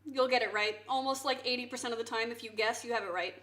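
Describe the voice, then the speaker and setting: High-voiced woman chatting on a live stream. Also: fast. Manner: animated, swings to loud mock outrage, swears. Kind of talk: casual live-stream chat. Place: home kitchen.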